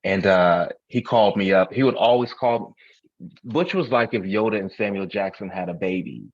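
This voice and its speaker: A man's voice: fairly low pitch, normal speed, dull audio. A man co-hosting a podcast in casual chat, a laid-back, profane storyteller. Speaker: podcast co-host.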